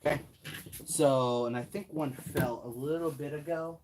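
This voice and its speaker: A man's voice: a little high, moderate pace, darkish tone, a little hiss or hum. Chatty man talking through a build. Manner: chatty, talks himself through tasks, self-deprecating asides. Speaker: RC hobby tutorial host. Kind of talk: casual hands-on build tutorial.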